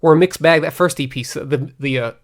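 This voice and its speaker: A man's voice: fairly high pitch, quick pace. A man co-hosting a podcast in casual chat, joking and teasing and laughing often. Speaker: podcast co-host.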